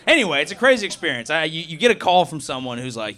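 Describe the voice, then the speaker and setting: A young man doing a crude, animated stand-up set, acting out people with quick voices. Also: fairly high pitch. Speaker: stand-up comedian. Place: comedy club stage. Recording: live club recording with audience noise.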